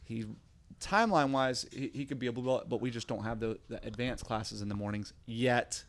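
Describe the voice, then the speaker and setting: A man's voice: mid-range voice, fairly quick. A man who coaches jiu-jitsu and hosts a podcast, explaining his teaching in casual chat and often repeating words as he thinks.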